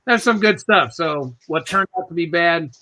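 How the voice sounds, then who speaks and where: This podcast host has a fairly high, bright, pushed voice with lively intonation and normal speed. On his casual talk show he rambles through a home-repair story, acting out the voices of the other people involved.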